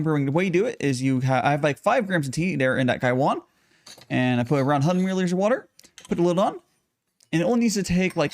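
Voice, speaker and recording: A man chatting casually on a livestream while brewing tea, rambling, greeting viewers and swearing offhandedly. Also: a little high. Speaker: streamer brewing tea live.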